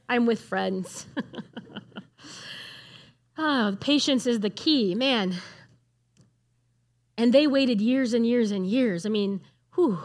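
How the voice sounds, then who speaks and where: A middle-aged woman giving a conversational sermon, earnest and asking the room questions. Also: fairly high pitch. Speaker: speaker at a church gathering.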